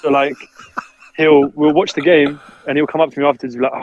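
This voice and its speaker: A man's voice: on the high side, fairly even intonation, quick pace, highs cut off. A man, a basketball player, chatting casually as a podcast guest, laughing often and acting out what his family says. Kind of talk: casual interview chat.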